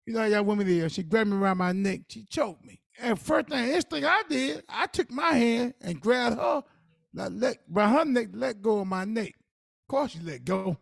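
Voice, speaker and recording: A man's voice: extremely high pitch, normal speed, vocal fry, no room sound, studio quality. A middle-aged man co-hosting a podcast, talking emphatically in casual dialect and telling stories from his own life. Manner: emphatic, animated storytelling with dialect speech. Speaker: podcast co-host. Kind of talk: casual conversational advice.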